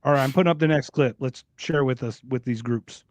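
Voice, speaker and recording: A man co-hosting a podcast in casual chat, excitable and sarcastic, swearing often. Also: medium pitch, brisk, slight background noise. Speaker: podcast co-host.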